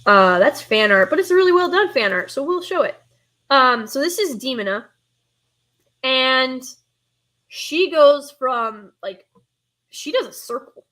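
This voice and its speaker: A young woman with a Northern US accent chats on her live stream in a fairly high voice. She rambles and stops herself mid-sentence, talking casually straight to her viewers. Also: animated, a little slow, pauses often, sharp tone. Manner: rambling, chatty, reads chat aloud, self-interrupting. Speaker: streamer hosting a nostalgia show.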